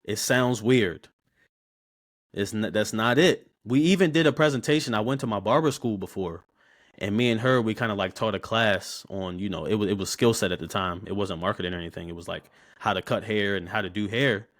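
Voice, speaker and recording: A man, telling stories as a podcast guest in a loose, slangy, animated way. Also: lowish voice, fast. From Baltimore, USA. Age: 20s. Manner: animated, slangy, repeats words when starting sentences. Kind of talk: casual interview storytelling.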